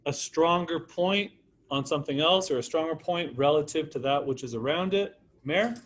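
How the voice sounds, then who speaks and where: A man's voice: on the high side, normal speed, slight background noise. A man teaching an art class in an informal, encouraging way, calling on students by name.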